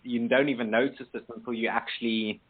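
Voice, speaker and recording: A British man hosting an online poetry radio show, chatting casually with many pauses and restarts. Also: medium pitch, steady tone, husky. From Britain. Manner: hesitant, many ums and restarts. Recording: tinny phone-like line.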